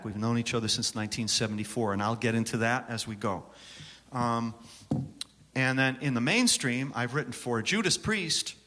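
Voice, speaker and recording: A man's voice: mid-range voice, sharp tone, long reverb tail. A man in his fifties from upstate New York, giving a joking, chatty songwriting workshop in a church chapel and bantering with the audience. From Syracuse, New York, USA. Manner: wisecracking, self-deprecating, chatty with the audience. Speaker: songwriting teacher presenting a workshop. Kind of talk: joking conference workshop talk.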